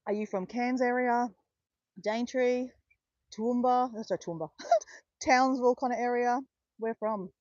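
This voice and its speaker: A woman's voice: a little high, normal speed, pauses often, no room sound, highs cut off. An Australian woman hosting a live stream, chatting casually and greeting viewers by name. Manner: chatty, addresses viewers by name, bursts of excited cheering. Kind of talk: chatty livestream talk to viewers.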